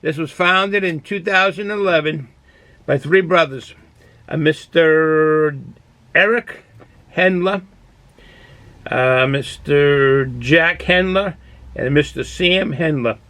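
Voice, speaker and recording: A man's voice: fairly high pitch, slow pace, pauses often, sharp tone, no echo, poor audio. A man with a Boston accent casually reviewing a beer, rambling with many fillers and restarts.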